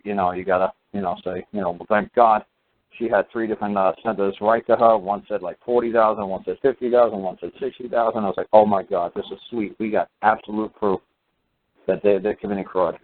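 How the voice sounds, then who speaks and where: A man's voice: on the low side, level tone, fast talker. A man telling a long story in a casual, rambling way, full of fillers and restarts. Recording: tinny phone line.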